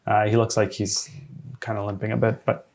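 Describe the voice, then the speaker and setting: A man's voice: fairly low pitch, level tone, creaky, a crowd in the background. Laid-back man running a tabletop game. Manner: hesitant, many fillers, quick to laugh. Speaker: game master.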